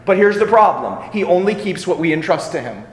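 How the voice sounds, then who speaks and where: Bright-voiced preacher in an echoing hall. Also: male voice, high-pitched, sing-song, fairly quick. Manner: swings from quiet reflection to loud emphatic passages. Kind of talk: sermon. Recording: echoey hall reverb.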